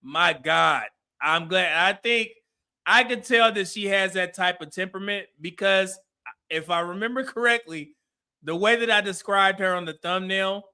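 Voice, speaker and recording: Animated male host, high and bright, casual commentary. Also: clean tone. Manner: animated, acts out quoted dialogue. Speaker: host reviewing a dating show.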